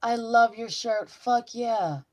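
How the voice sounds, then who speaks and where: Woman, young adult, podcast host, casual chat, animated, swears a lot, video call. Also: fairly high pitch, slow pace. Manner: animated, profane storytelling.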